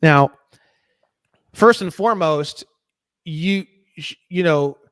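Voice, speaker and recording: A man in a casual interview, talking in an animated, profane, ranting way. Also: fairly high pitch, takes it slowly, clean tone, no echo. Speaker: guest.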